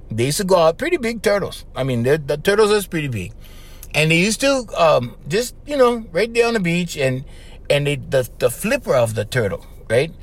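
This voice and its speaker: A middle-aged man from Hawaii with a Hawaiian Pidgin-tinged accent and a voice on the high side hosts a casual solo podcast. He rambles and chuckles, ending lines with "right?" and "okay?".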